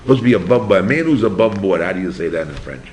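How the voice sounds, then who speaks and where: An older man, a rabbi, giving an animated yeshiva class and asking his students questions. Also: deep voice, rapid-fire, a little hiss or hum. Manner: animated, asks the students questions, acts out voices. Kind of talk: yeshiva lecture.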